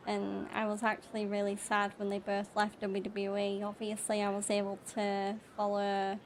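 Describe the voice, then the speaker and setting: Slow, chatty woman gamer. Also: mid-range voice, a little hiss or hum. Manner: chatty, rambling, with restarts. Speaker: gaming YouTuber. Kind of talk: casual let's-play commentary.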